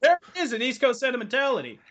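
A woman's voice: a little high, very animated, quick pace, background noise. A woman co-hosting a podcast in casual chat, ranting animatedly with lots of swearing. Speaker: podcast co-host.

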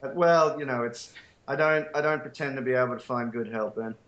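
A man's voice: mid-range voice, fairly quick, a bit bright, dull audio, a little hiss or hum. Rambling Australian man in a roomy echo. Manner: rambling, wry and self-mocking, with many fillers. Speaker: podcast guest. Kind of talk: casual chat.

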